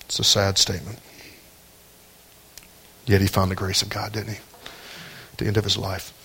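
A man preaching a sermon, emphatic, climbing high on scripture and key points and often repeating words as he starts a phrase. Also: fairly bright tone. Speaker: pastor.

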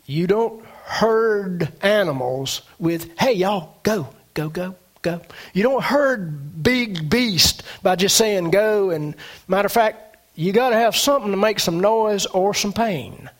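A man preaching a sermon, animated, with dramatic swings in pitch and loudness. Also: slow pace.

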